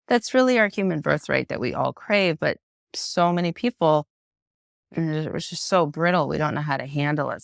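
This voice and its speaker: A woman psychotherapist speaking as a podcast guest in an unscripted, frank and personal way, reflective and expressive. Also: low voice, vocal fry, dry recording, studio quality. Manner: reflective, expressive, acts out quoted voices.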